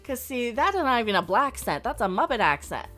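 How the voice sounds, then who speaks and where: Sarcastic lady ranting on her channel, blunt and rambly, kinda high voice. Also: sing-song, a little fast, a bit bright, faint music behind. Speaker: channel host. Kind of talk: opinion commentary rant.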